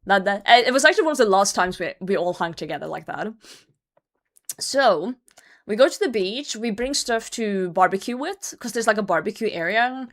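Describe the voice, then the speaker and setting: Swearing, animated young woman streamer. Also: medium pitch, moderate pace. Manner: animated, swears freely, trails off into mumbles. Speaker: livestreamer. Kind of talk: casual storytelling to stream chat.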